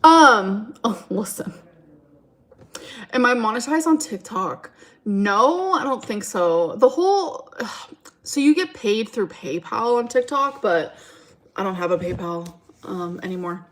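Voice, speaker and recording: A woman's voice: mid-range voice, animated, slow. A woman streaming from home, chatting casually and rambling through a story time while answering her chat.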